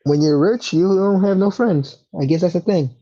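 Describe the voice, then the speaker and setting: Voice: medium pitch, normal speed, warm tone, muffled recording. A podcast co-host chatting casually about wrestling, giving laid-back, brief replies.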